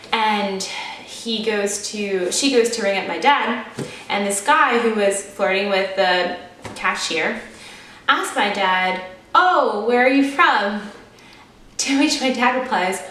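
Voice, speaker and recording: A woman's voice: medium pitch, fairly bright tone, far from the mic. A woman in her twenties with an American accent, telling a personal story to camera in a candid, chatty, self-deprecating way. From United States. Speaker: vlogger. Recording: echoey room, voice off-mic, faint music. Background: faint background music.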